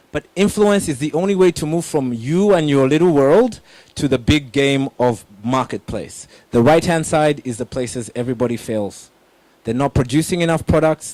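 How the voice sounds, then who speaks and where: A young man giving an energetic motivational talk on public speaking, addressing the audience directly with emphatic questions. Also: medium pitch, dry recording.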